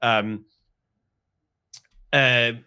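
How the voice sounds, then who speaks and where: A man's voice: medium pitch, fairly even intonation, drawn-out words, pushed and bright, clear, resonant tone. A man co-hosting a horror film podcast in casual chat, enthusiastic and swearing freely. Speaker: podcast co-host.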